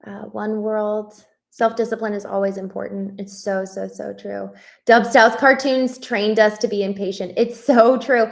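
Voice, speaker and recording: A woman hosts a relaxed livestream, reading out names from the chat and reflecting as she goes. Her voice is mid-pitched with a noticeable gravelly fry. She talks loosely, with plenty of ums and restarts. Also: normal speed. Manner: warm greetings to viewers, frequent ums and restarts. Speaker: host of a live spiritual study stream.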